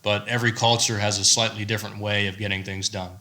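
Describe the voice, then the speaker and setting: An American man, a startup founder on a panel, giving a measured, explanatory answer. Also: on the low side. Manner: measured, explanatory, steady delivery.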